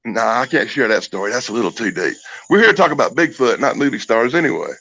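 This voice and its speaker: Gravelly, profane storyteller man. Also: medium pitch, fast, poor audio. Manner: profane, animated storyteller who acts out the people in his stories. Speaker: guest storyteller. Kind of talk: casual storytelling chat.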